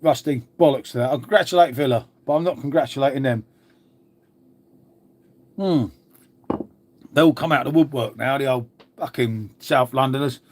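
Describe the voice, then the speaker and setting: A man's voice: medium pitch, normal speed, pauses often. Blunt man chatting live. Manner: blunt, swears freely, chats matily with viewers. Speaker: live stream host. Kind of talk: casual live chat reading comments.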